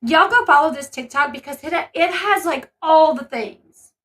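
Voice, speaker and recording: A woman's voice: high voice, animated, moderate pace, a bit bright. A woman hosting a casual commentary video, talking in a rambling, emphatic way and often stopping to restart her thoughts. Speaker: commentary channel host; mother.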